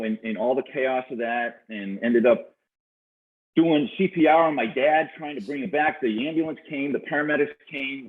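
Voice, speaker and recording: A man in his fifties with a Boston accent, telling his story as an interview guest in an energetic, chatty way and laughing easily. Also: mid-range voice. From Boston, USA. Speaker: guest, entrepreneur and business coach. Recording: tinny phone-like line.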